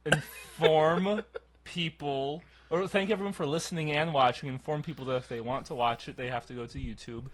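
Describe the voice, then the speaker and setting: A man's voice: on the high side, fairly even intonation, normal speed, poor audio. A man co-hosting a casual podcast, teasing the host and walking him through the outro.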